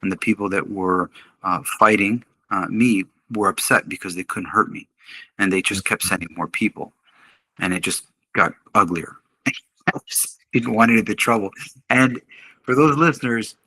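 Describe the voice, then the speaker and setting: A middle-aged man, a podcast guest, telling a story in casual talk, animated and laughing often as he acts out what others said. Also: fairly low pitch, moderate pace, breathy edge, no echo. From Canada. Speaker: podcast guest, martial arts instructor.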